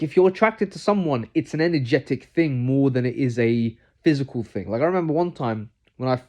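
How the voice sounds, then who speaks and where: A man's voice: medium pitch, a little mellow. A young man gives casual, earnest dating advice to camera. He says "man" and "like" a lot and gets heated when he rants. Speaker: vlogger giving dating advice.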